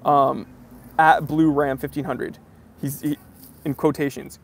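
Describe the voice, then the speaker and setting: A man's voice: a little high, measured pace, a little hiss or hum. A young man hosting a livestream, ranting casually and mimicking commenters in mocking voices. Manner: animated, mocking impressions of commenters. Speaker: live stream host.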